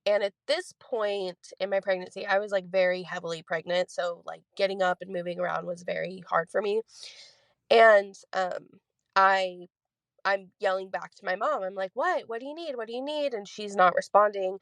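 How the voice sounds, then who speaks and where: Young female listener, twenties, chatty voice-message storyteller, rambles, mid pitch, dry close sound. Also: fairly even intonation, normal speed, no echo. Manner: rambling, many fillers. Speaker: listener sharing a ghost story. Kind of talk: recorded voice message, casual storytelling.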